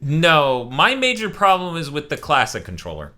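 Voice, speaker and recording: A man's voice: on the high side, normal speed. A man co-hosting a casual podcast chat, swearing freely and joking around. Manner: animated, profane and joking. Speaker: podcast co-host.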